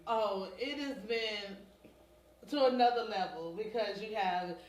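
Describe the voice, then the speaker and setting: A woman's voice: mid-range voice, measured pace. A woman speaking enthusiastically as a panelist at a church women's event. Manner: enthusiastic, laughing. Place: busy church event venue. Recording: echoey room with faint background noise.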